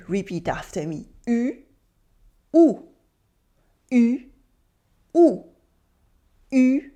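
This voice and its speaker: A woman with a French accent teaching pronunciation in English, patiently modeling words and repeating them for the listener. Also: medium pitch. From France. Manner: patient, drills words slowly with repetitions. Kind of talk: pronunciation lesson.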